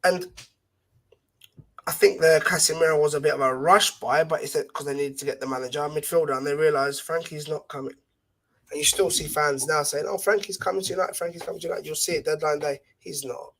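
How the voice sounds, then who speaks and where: A man appearing as a guest fan pundit on a football podcast, arguing passionately and rapidly in casual debate. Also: a little high, steady tone, a bit bright, slight background noise.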